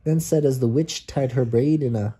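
A man, a dad, reading a rhyming picture book aloud to his child and pausing so the child can fill in the rhymes. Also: medium pitch, warm tone, breathy edge. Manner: reads rhymes with pauses for a child to finish them. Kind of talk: bedtime story read-aloud.

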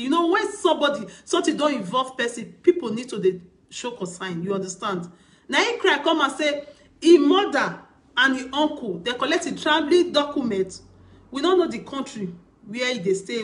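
A woman vlogger with a Nigerian Pidgin accent and a voice that sits high gives casual commentary on a video, emphatic and repetitive, tossing out rhetorical questions.

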